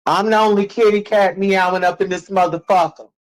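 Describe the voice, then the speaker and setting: Brash, sassy man, high-ish voice. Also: steady tone, rough recording. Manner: sassy, brash, swearing, drawn-out sing-song taunts. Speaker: live streamer. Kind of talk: profane live-stream rant to commenters.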